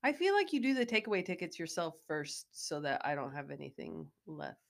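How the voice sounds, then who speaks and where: A woman in her forties with a Midwestern accent, co-hosting a podcast in casual chat, playful and quick to laugh. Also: low voice, vocal fry. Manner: laughs often, animated and playful. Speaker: podcast co-host. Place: recorded in Wichita, Kansas.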